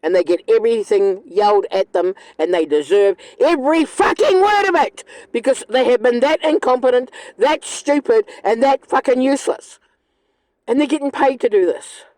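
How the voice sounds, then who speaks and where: A woman's voice: a little high, normal speed, mellow, no room sound, poor audio. A woman, ranting angrily and bluntly in a monologue, swearing often. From New Zealand. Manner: angry, blunt, profane. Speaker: vlogger.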